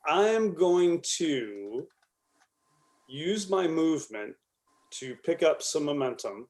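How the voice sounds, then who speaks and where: Higher-voiced male player thinking aloud. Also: sing-song, slow pace, a little mellow. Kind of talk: casual tabletop play.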